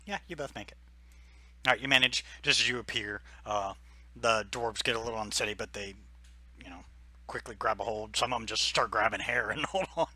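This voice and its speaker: A man running a tabletop game as game master, relaxed, with ums and soft muttered asides. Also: on the low side, a little fast, no echo.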